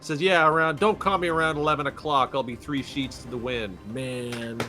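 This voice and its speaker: A man's voice: mid-range voice, fairly even intonation, moderate pace, music in the background. A man chatting as a player, laid-back, often tagging sentences with "man". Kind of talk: casual chat.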